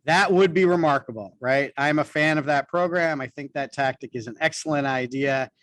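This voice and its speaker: A man's voice: fairly high pitch, moderate pace, fairly bright tone, no echo. A man co-hosting a business podcast, explaining things in a conversational way. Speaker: podcast co-host.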